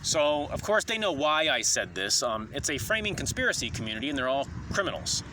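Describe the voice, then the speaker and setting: A man's voice: mid-range voice, big pitch swings, fairly quick, bright, forceful tone, slight background noise. A man delivering an indignant, rambling monologue to camera about constitutional rights, full of ums and uhs. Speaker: video commentator.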